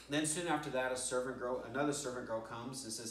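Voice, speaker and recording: A man's voice: medium pitch, fast, few pauses, a bit bright, slight background noise. An American man preaching a storytelling sermon as a pastor, stumbling and repeating words as he acts out the voices in the story. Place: church sanctuary. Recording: roomy church audio, speaker distant from mic.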